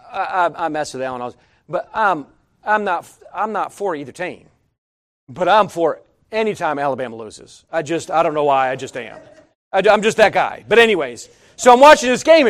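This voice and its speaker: A man preaching a sermon, telling a folksy, joking story and building to near-shouts. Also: sits high.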